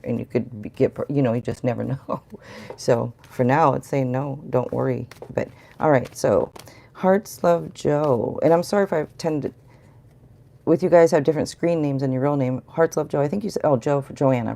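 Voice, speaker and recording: A middle-aged woman gives a live tarot reading, rambling and chatty as she talks with viewers in the chat. Her voice is deep and bass-like, warm in tone, with noticeable vocal fry.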